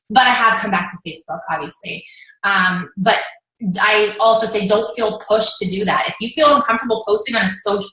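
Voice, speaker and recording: A woman's voice: medium pitch, pushed and bright, recorded from a distance. A young woman coaching others, telling her own story in a chatty, upbeat way with lots of "like". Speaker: network marketing coach. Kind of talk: casual storytelling to an online audience. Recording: echoey room, off-mic.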